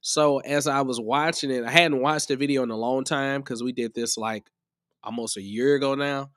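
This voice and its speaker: A man's voice: medium pitch, fairly even intonation, moderate pace, a bit bright, no echo, studio quality. A man hosting a live music-production tutorial stream, rambling in a casual, chatty way while a bit under the weather. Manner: rambling and chatty, often restarts.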